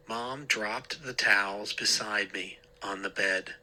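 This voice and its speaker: Guy reading a spooky story, slow and husky. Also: fairly low pitch, bright, forceful tone, poor audio. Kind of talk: scripted scary-story narration.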